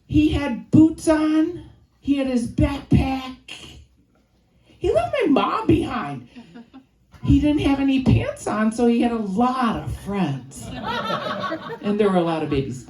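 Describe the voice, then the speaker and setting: A woman's voice: high voice, big pitch swings, slow, pauses often, crowd noise. A woman from Chicago with a nasal voice and a Chicago accent doing a rambling, crude, self-deprecating stand-up set. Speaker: stand-up comedian. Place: stage in a comedy venue. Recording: echoey room.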